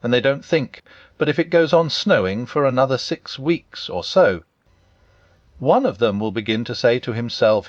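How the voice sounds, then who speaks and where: Male audiobook narrator, lively gentle reading, dry, slightly muffled. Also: medium pitch, normal speed, no echo. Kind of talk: bedtime storybook narration.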